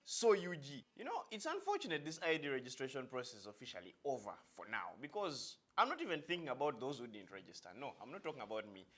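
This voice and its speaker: Animated Ugandan man doing satirical news. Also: mid-range voice, fast, hardly any pauses. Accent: Ugandan English. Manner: sarcastic, deadpan mock-serious delivery. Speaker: satirical news segment host.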